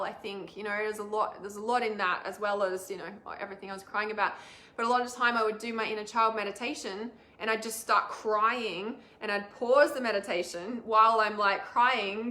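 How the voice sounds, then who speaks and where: A woman speaks in a casual, chatty live stream, reassuring her viewers with plenty of fillers and asides. Her voice is bright and a touch high, and the room around her sounds echoey. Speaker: intuitive healer and mentor.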